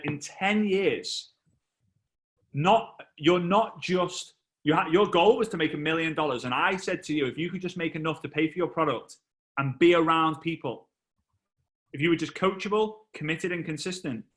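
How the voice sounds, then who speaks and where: On stage, a motivational speaker tells a story in a slightly high voice. He's animated, acting out voices and sound effects as he goes.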